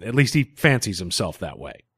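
Lively laughing male podcast host. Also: deep voice, brisk, slightly rough, dry recording, studio quality. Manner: laughs often, swears casually. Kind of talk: casual podcast chat.

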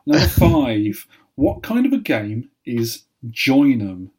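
A man hosting a playful quiz, teasing and deadpan. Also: mid-range voice, slow pace, breathy edge. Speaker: podcast co-host, quizmaster.

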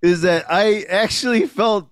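A man co-hosting a casual movie review podcast, animated, swearing freely and acting out lines he quotes. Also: high voice, unhurried, a loud crowd. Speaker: podcast co-host.

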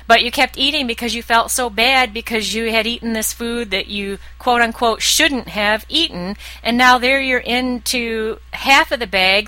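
A woman with a bright, clear, fairly high voice speaks earnestly to her listeners as a weight loss coach in a solo podcast. She now and then acts out their inner voice. The sound is close and dry, with no room around it. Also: no room sound, poor audio.

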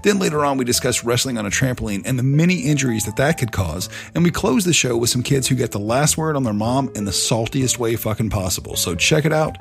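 A man's voice: mid-range voice, lively intonation, quick pace, vocal fry, few pauses, faint music behind. A man co-hosting a casual podcast, telling profane childhood stories and acting out his family. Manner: storytelling, swearing, acting out family members. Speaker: podcast co-host.

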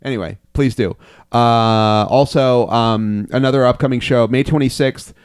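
Young dude podcast host, cussing and rambling, dry close mic. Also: male voice, medium pitch, normal speed, smooth, no room sound. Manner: rambling, swears a lot, laughs often. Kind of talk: casual profane podcast chat.

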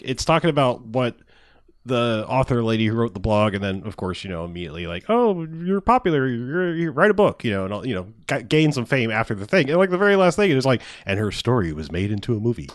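A man in loose podcast banter who rambles through his points with plenty of fillers and some swearing. His voice sits at a middle pitch and sounds dry and close to the mic, with no room around it. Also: no room sound. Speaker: podcast co-host. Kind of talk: casual chat.

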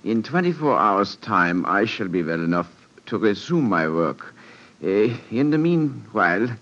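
An actor playing a weak, injured German count with a German accent, speaking haltingly in a 1940s radio drama, on a dull old radio recording. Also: male voice, fairly low pitch, sing-song, a bit bright, heavily acted. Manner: halting, many hesitations.

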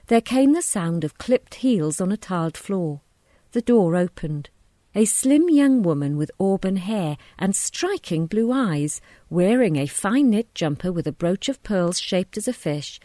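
A woman reading a short story aloud in a measured, descriptive narration. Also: mid-range voice, mellow, dry recording, studio quality.

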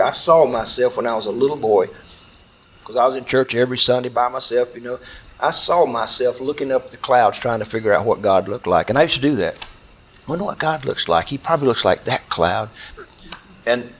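A man's voice: mid-range voice, slight background noise. Guy telling a close-call hunting story to a small group, stops and starts and repeats himself, wound up, plain middle voice. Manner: halting and intense, repeating words as he relives events. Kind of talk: personal storytelling to a small audience.

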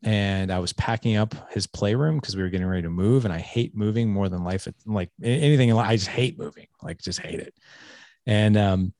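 A man's voice: on the low side, a little fast, darkish tone, dry recording, studio quality. A man in his forties, a podcast guest, earnestly telling a personal story in a candid, confessional way. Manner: earnest, confessional, with frequent restarts and "like".

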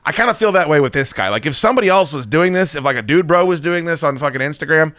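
Male podcast host, bright and forceful, opinionated and profane, casual chat. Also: a little high, expressive, fast talker, no room sound, clean studio sound. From United States.

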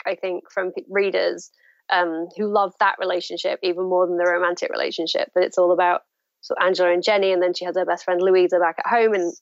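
A woman talking freely as a guest in an interview, spinning anecdotes and slipping into quick impressions of the people in them. Her voice comes over a slightly muffled line with no room sound around it. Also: medium pitch, no room sound. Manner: animated storytelling, acts out quoted voices. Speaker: author being interviewed. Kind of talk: chatty interview answers.

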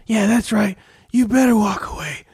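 A man's voice: sits high, normal speed, slightly rough, no room sound, studio quality, pitched above the performer's own voice. A man doing a raging corrupt cop. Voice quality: shouting, profane, escalating. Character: furious corrupt male cop ranting.

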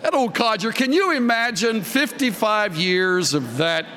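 Slow, folksy preacher in a reverberant hall. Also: male voice, high-pitched, sing-song, bright, forceful tone, a little hiss or hum. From Southern California. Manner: slow, folksy storytelling with dry humor. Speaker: pastor. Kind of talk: sermon. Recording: long reverb of a large hall.

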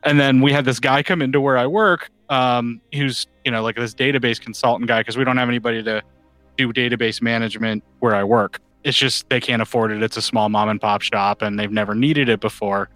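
Bright-voiced man telling a story. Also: medium pitch, a little fast, no room sound, faint music behind. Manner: animated storyteller, swears freely. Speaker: podcast host. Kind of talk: casual chat.

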